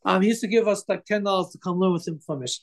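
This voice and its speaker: High creaky-voiced man teaching. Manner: halting, many fillers and restarts. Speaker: Torah teacher telling a story. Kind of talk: informal religious class.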